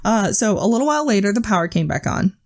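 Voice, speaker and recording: Fast and animated, a woman with a mid-range voice co-hosts a podcast. She relates eerie stories in an easygoing way, swearing a lot and laughing nervously.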